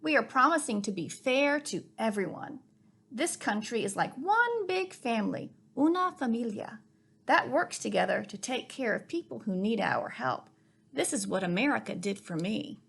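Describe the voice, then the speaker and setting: A woman reading a storybook aloud, voicing a gentle older great-aunt who speaks tenderly to a child. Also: a little high, very animated, moderate pace, gravelly, husky, full character voice. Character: warm older great-aunt, proud immigrant.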